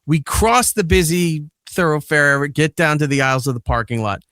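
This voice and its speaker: Clean studio sound and a dry recording capture a slightly high male voice speaking at normal speed. He's a podcast host and father telling an animated, profane story in which he acts out the quoted lines.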